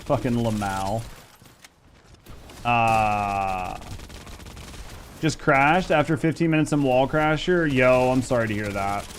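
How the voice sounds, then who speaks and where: A man's voice: medium pitch, animated, slow pace, pauses often, a little hiss or hum. Laid-back Midwestern man streaming games. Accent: Midwestern American. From Indiana. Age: over 30. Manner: laid-back, rambling, swears a lot. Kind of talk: casual live-stream chat.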